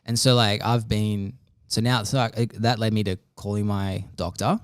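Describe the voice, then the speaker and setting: A young Australian man with a fairly low voice talks loosely on a podcast, drifting between half-finished thoughts and swearing freely. He acts out other people's lines as he goes. The sound is dry and close, with no room echo. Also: fairly even intonation, moderate pace, clear, resonant tone. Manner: rambling, swears freely, acts out quoted dialogue. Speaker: podcast host. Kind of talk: casual podcast chat.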